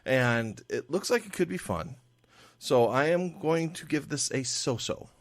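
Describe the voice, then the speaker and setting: A man chatting about movies in an animated voice that moves a lot in pitch. He stumbles and repeats words, laughs often, and sounds dry and close to the mic. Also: measured pace, no room sound. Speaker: podcast co-host. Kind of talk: casual movie review chat.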